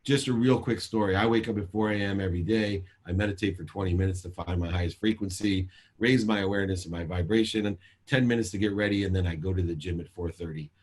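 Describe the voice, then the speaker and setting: A man's voice: deep voice, fast, hardly any pauses, darkish tone, breathy edge. A man speaking as a motivational speaker at a sales seminar, emphatic and repetitive in a preachy way.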